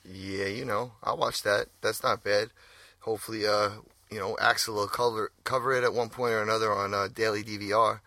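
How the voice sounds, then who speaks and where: Gravelly laid-back New man. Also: fairly low pitch, steady tone, brisk, pushed and bright, no room sound. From New York. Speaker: podcast co-host. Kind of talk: casual chat.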